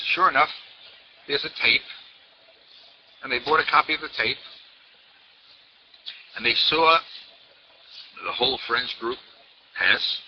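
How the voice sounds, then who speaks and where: A man in his sixties, a rabbi, tells a story in a sermon at a middle pitch. He repeats words again and again for emphasis. The recording is dull and lo-fi, with a faint hiss behind him.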